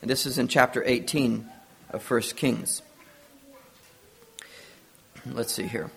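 A man's voice: medium pitch, fairly even intonation, slow, vocal fry, fairly bright tone. A man preaching a sermon, retelling a Bible story with earnest storytelling and acted-out dialogue.

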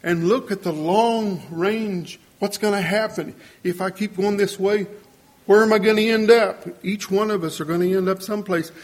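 Older male preacher, slightly high voice, earnest storyteller who acts out quoted voices in his sermon. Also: fairly even intonation, moderate pace.

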